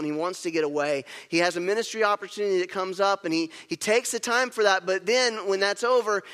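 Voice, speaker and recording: A man with a high voice preaches a sermon, retelling a story and acting out each moment with lively energy. His voice carries a long reverb, as if recorded in a hall. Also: clean tone. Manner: animated storytelling, acts out scenes. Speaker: pastor.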